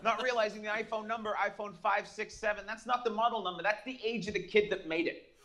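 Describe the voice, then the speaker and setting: A young adult man doing a profane, brash stand-up comedy set with rapid-fire jokes. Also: high voice, fairly even intonation, sharp tone.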